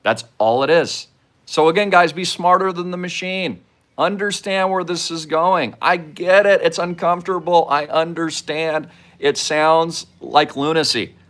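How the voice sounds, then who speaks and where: A man hosting his own show, delivering an emphatic monologue straight to his viewers, swinging from low mutters to sudden high outbursts. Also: a little slow, fairly bright tone. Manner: conspiratorial, addresses viewers directly. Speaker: show host. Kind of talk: monologue to camera.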